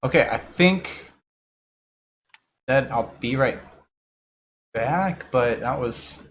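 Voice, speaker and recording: A man's voice: medium pitch, animated, extremely slow, a bit bright, a little hiss or hum. A man running a tabletop game over a voice call, talking casually with many fillers and restarts. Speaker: game master. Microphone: computer mic on a voice call.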